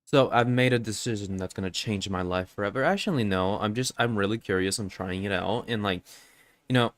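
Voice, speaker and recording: Congested low-voiced man rambling on stream. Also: brisk. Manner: rambling, filler-heavy, keeps checking in with viewers. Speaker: game streamer. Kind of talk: casual live-stream chat. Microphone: desk microphone with noise filter.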